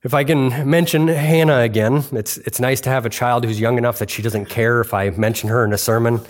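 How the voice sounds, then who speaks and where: A man's voice: mid-range voice, fairly even intonation, fairly quick. A middle-aged man preaching a sermon as pastor, earnest and conversational, often restarting and repeating phrases for emphasis. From United States.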